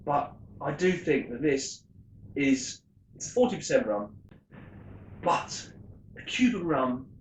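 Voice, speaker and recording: Man hosting a rum vlog, chatty storyteller, fairly high voice, echoey room. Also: very animated, slow, long pauses, slight background noise. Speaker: rum vlogger. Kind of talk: casual tasting vlog storytelling.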